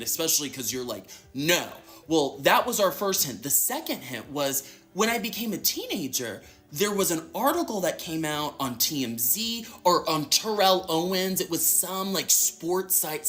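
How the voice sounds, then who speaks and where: Young man, from Dallas, casual storytelling, animated, bright tone. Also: a little high. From Dallas, Texas. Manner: animated, dramatic, mimics other people. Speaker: storyteller in a played clip.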